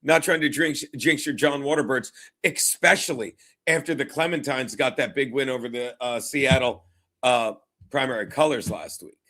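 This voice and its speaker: A man's voice: mid-range voice, moderate pace, pushed and bright. A man hosting a casual sports talk show, rambling and jokey with lots of swearing.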